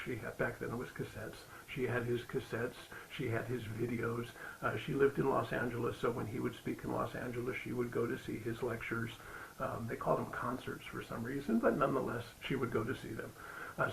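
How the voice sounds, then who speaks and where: A man's voice: medium pitch, vocal fry, slight background noise, rough recording. A man giving a Sunday sermon, telling a story in a loose, conversational way with fillers. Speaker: spiritual practitioner giving the Sunday talk.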